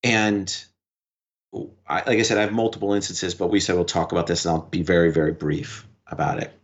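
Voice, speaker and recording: A man with a fairly low voice recounts a story as a podcast guest. He talks in short bursts and quotes each exchange back and forth. The recording sounds dull and lo-fi. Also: flat delivery. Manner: recounts events in quick short bursts, quoting dialogue. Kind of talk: conversational storytelling.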